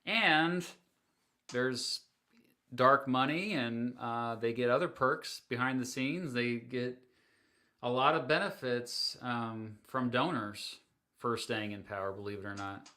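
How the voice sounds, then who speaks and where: A man runs a livestream, talking through viewer questions in a loose, chatty way, full of ums and small laughs. His voice has a bright, forceful edge. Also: mid-range voice, slow. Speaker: livestream host. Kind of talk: casual livestream Q&A.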